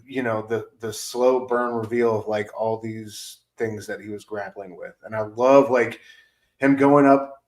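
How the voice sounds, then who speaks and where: A man's voice: on the low side, fairly even intonation, measured pace, a little mellow, low-quality recording. A man co-hosting a casual film podcast, rambling enthusiastically with many fillers. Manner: rambling, heavy on fillers like "like" and "you know". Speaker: podcast co-host.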